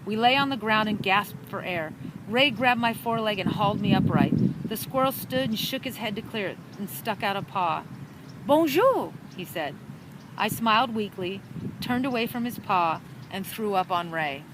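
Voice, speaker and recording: A woman reading a children's storybook chapter aloud with an animated, dramatic delivery, recorded outdoors in a park. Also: medium pitch, normal speed. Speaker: storybook reader. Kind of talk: expressive storybook narration. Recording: outdoor park with traffic noise.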